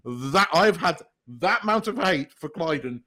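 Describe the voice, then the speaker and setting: A man's voice: on the high side, expressive, unhurried, sharp tone. A man co-hosting a podcast in casual, emphatic chat, swearing now and then. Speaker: podcast co-host.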